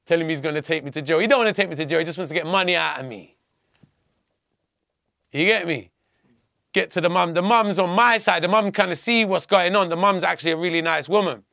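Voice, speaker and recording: A man, a podcast guest, telling his story in casual, profane, animated talk and acting out what others said. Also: sits high, fast talker, gravelly, no echo, clean studio sound. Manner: profane, animated, acts out quoted dialogue.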